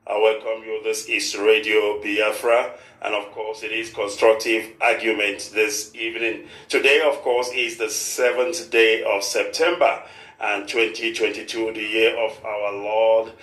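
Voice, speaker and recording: A man's voice: on the low side, little pitch movement, a little slow, fairly bright tone, reverberant, rough recording. A man hosting a live radio show in a formal, repetitive manner, with a short prayer. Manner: formal, repeats "of course" often. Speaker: radio host.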